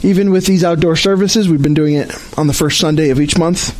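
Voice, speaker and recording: A man with a notably high voice leads worship as pastor at an outdoor service. He reads the scripture slowly and solemnly, giving each phrase careful weight. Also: a little mellow, low-quality recording. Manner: slow, measured, solemn reading. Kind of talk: liturgical scripture reading.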